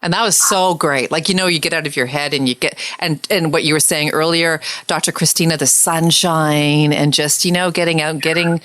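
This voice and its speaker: A woman co-hosting a casual podcast, bubbly and quick to laugh as she chats and wraps up the episode. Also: low voice, no echo. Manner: bubbly, laughs often, animated. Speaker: podcast co-host.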